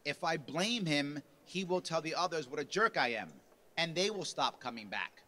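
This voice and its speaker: The speaker is a man with a fairly high, expressive, sharp-toned voice at normal speed. He gives a punchy motivational speech in a party convention's lunch hall, acting out quotes with a raised, rising voice.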